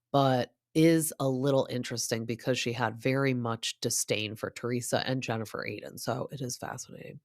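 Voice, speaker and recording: A woman's voice: extremely low pitch, no room sound, studio quality. A woman in her thirties giving a chatty, gossipy recap of a reality show, full of asides and quoted lines. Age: 30s. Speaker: podcast host.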